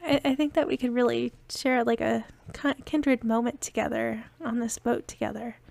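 A woman's voice: on the high side, steady tone, moderate pace, creaky, a little mellow. A young woman live streamer chatting with her viewers in a bubbly, giggly way. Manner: giggly, bubbly, talks to chat. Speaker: live streamer, virtual avatar.

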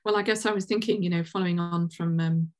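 A woman's voice: lowish voice, steady tone, fast. Hesitant woman chairing a seminar. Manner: hesitant, many ums and restarts. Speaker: session chair and host.

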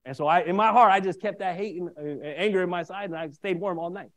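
Fast-talking, high-voiced minister telling a story. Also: male voice. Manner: animated, keeps checking in with listeners. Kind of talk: storytelling sermon.

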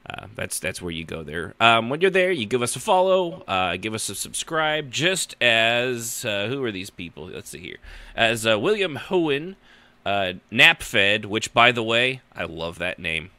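A man's voice: mid-range voice, very animated, measured pace, bright, forceful tone, dry recording. A tired man hosting a casual podcast chat, rambling and joking in mock outrage. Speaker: podcast host.

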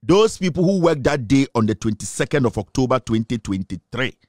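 A man's voice: medium pitch, sing-song, brisk, dry recording, clean studio sound. Ghanaian man hammering out emphatic commentary. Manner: forceful, hammering rhetorical questions. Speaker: political commentator.

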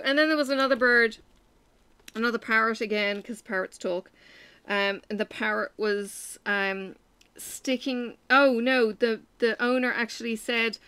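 Bright-voiced chatty Irish woman. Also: fairly high pitch, a little slow, clear, resonant tone, dry recording. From Ireland. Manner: rambling, chatty storytelling with frequent fillers. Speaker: crafting vlogger. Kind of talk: casual chat while stitching.

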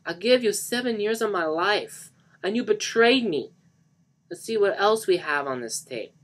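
A man's voice: sits high, expressive, normal speed, a bit bright, pitched above the performer's own voice. A man voicing a betrayed, furious lover who wails and screams his anguish.

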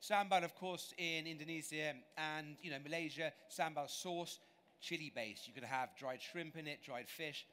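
An enthusiastic man from England talks an audience through a live cooking demo, his voice sitting a touch high for a man. He is chatty and self-deprecating, and a faint hum of the exhibition hall runs behind him on the stage microphone. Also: moderate pace, sharp tone. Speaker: chef demonstrating cooking.

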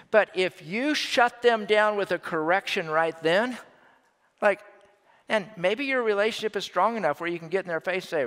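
A man's voice: high voice, normal speed, a bit bright. A man preaching a sermon as pastor, in a conversational, joking way, often checking in with the congregation. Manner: conversational, joking, checks in with "all right?" and "okay?". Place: church sanctuary. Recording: long church reverb.

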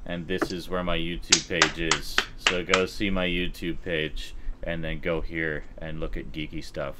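A man's voice: deep voice, a little slow, background noise. A man streaming a horror game, chatting casually and jokingly with friends on a call, swearing now and then. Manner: jokey, loose, swears casually. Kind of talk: casual live-stream chat.

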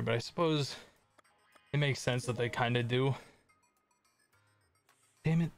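A man streaming a video game, chatting casually with viewers in a rambling, self-deprecating way and swearing at the game. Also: mid-range voice. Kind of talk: casual gameplay commentary.

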